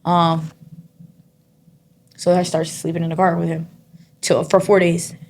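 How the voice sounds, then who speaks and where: A woman guest giving a personal testimony in casual conversation, soft-spoken and halting, with frequent pauses and fillers. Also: fairly low pitch, flat delivery. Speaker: interview guest.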